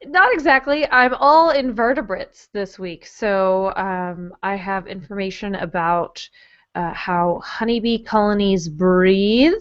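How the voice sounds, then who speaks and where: A woman's voice: medium pitch, smooth, dull audio. A woman co-hosting a science podcast, wry and teasing. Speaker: podcast co-host. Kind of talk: casual science podcast chat.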